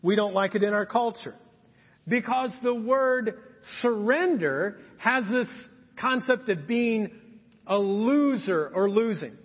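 A high-pitched man in his thirties delivers a sermon, telling stories and voicing the people in them with humorous asides. His voice is a little husky and rings with the long reverb of a large hall. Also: expressive, takes it slowly, highs cut off. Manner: storytelling with acted-out quotes, humorous asides. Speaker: pastor. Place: church sanctuary.

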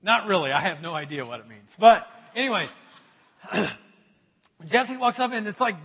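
A male pastor preaching a sermon to his congregation, telling a story in an animated way. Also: high-pitched, moderate pace, long pauses, breathy edge. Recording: dull sound, long hall reverb.

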